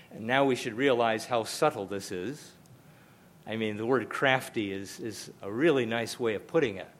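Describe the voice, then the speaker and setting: An older male pastor preaches a sermon at normal speed in a lowish voice. He's emphatic yet conversational, frequently repeating himself for emphasis.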